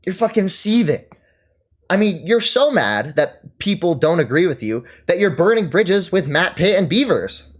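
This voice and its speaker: Male streamer, mocking and scornful, bouncing pitch, frequent derisive laughs. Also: sing-song, normal speed, husky. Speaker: streamer reacting to chat. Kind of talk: livestream commentary.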